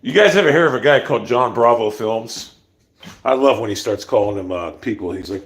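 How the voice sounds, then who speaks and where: A man's voice: lowish voice, brisk. A man hosting a casual livestream, ranting bluntly with profanity and rambling asides. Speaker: livestream host.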